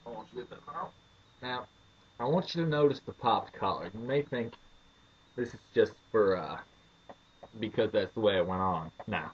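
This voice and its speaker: A man's voice: on the low side, normal speed, long pauses, slightly rough, muffled recording. An American man in a joking home vlog, talking in a mock-serious, rambling way. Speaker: vlogger.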